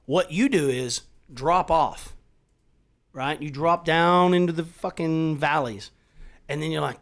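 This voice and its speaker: A middle-aged man in casual podcast chat, talking emphatically with lots of swearing and animated storytelling. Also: fairly high pitch, takes it slowly.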